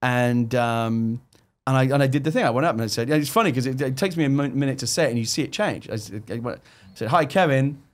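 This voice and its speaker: A man, a guest screenwriter in his forties, excitedly telling stories in casual chat, often restarting his sentences. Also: mid-range voice, quick pace. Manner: excited storytelling with many restarts.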